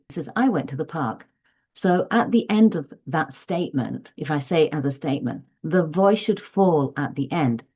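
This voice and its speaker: A woman's voice: deep voice, mellow, highs cut off. A woman teaching parents in an online lesson, patient and explanatory, stressing key terms as she goes. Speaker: parent tutor.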